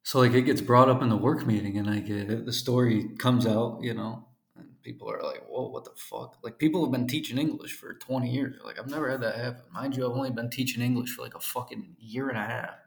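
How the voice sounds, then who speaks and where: A man's voice: medium pitch, fast talker, creaky. A man who works as an English teacher tells a funny story in a casual, profane, laid-back way, laughing now and then. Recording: roomy echo.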